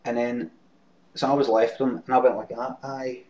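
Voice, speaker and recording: Here the Glasgow-accented webcam host delivers his rambling, sweary story and viewer replies flatly, at a moderate pace. His medium-pitched voice is a little mellow, recorded lo-fi on a webcam mic.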